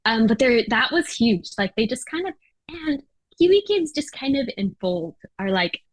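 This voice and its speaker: A woman's voice: fairly high pitch, big pitch swings, normal speed, no room sound, poor audio. A woman with an American accent, a podcast guest chatting casually with lots of fillers and little laughs. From United States. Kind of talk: casual interview chat.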